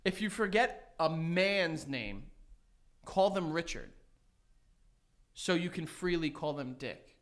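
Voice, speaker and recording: A podcast co-host with a fairly high voice talks slowly, with long pauses, in casual chat. Still animated, he rambles through stories packed with "like" fillers and laughs while telling them.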